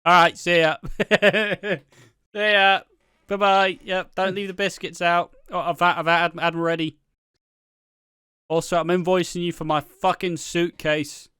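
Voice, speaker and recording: A man's voice: sits high, little pitch movement, a little slow, sharp tone, clear, resonant tone, dry recording, clean studio sound, voice pushed up. A man imitating a flippant teenage boy who shrugs off his troubles. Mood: breezy. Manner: breezy, cheeky, laughing.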